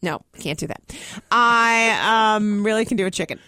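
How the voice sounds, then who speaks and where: A middle-aged woman comedian chats as a guest, animated and joking, always ready to laugh. Her voice is bright and forward, in a dry, close recording. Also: mid-range voice, moderate pace, smooth, dry recording. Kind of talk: casual chat.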